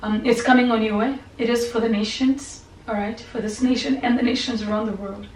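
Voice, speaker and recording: A woman pastor preaching with passion, her voice somewhat high. She repeats herself as she presses her point, then sinks into soft, whispered prayer. The room is echoey and she is some distance from the mic, with a faint hum behind her. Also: steady tone, a little fast. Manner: impassioned, repetitive, drops to soft whispered prayer. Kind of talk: sermon and prayer.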